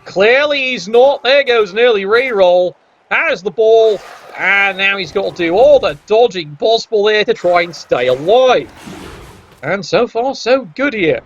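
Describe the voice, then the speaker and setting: A man's voice: high-pitched, animated, measured pace, slight background noise. A man doing wry, sarcastic play-by-play commentary on a tabletop sports video game. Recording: dull lo-fi audio.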